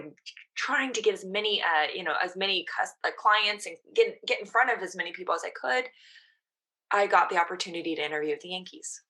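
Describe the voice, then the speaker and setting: A woman's voice: mid-range voice, sharp tone. A woman in her thirties, a mental performance coach, casually telling her story as a podcast guest and quoting her own past thoughts.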